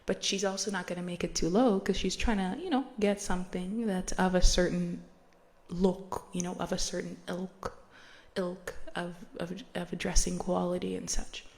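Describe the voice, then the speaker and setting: A woman's voice: lowish voice, level tone, moderate pace, vocal fry, a little mellow. A woman hosting a podcast who retells a story in a chatty, slangy, casual way and laughs often. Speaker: podcast host.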